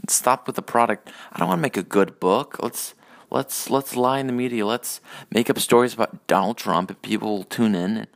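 Male podcast host, low gravelly voice, meandering, cussing monologue. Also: moderate pace. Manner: rambling, profane, full of hesitations. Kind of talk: casual monologue rant.

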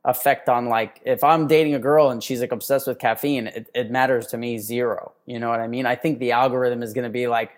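A young man co-hosting a podcast in casual chat, an animated storyteller who acts out the people he quotes. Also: medium pitch, brisk, few pauses. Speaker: podcast co-host.

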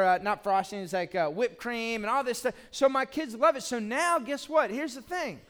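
High-pitched pastor guy, chatty sermon, acts out scenes. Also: clear, resonant tone. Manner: animated storytelling, acts out scenes.

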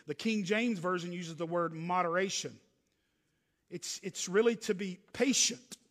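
A man preaching a sermon as pastor, swinging from loud emphatic preaching to low, hushed asides. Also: big-room sound.

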